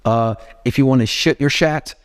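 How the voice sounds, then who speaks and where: A young man with an Ethiopian accent teaches English in a loose, rambling way and keeps turning to his viewers with questions. His voice sits at a mid pitch, and he speaks English as a second language. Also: moderate pace, smooth. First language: not English. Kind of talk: casual spoken lesson.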